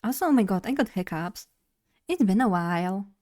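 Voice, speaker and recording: Expressive and a little mellow at a medium pitch, a young woman who first spoke Polish chats casually as a streamer. She's talkative, self-deprecating, and laughs readily as she rambles.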